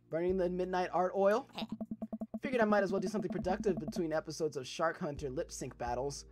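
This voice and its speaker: A young adult let's play gamer reading a dating game's dialogue aloud and riffing on it in a loose, profane, laughing way. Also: mid-range voice. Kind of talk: casual let's play commentary, reading game text aloud.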